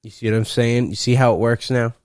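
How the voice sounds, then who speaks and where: A young man hosting a solo podcast, rambling and cursing playfully, breaking into loud laughs. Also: mid-range voice, flat delivery, brisk, clean tone, dry recording, clean studio sound. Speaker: podcast host. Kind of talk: casual solo podcast rant.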